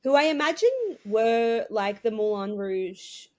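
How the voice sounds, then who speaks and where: A woman's voice: fairly high pitch, expressive, a little slow, darkish tone. Wry, joking young woman. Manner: wry, joking, fond of comic asides. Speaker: podcast co-host. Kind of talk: casual chat.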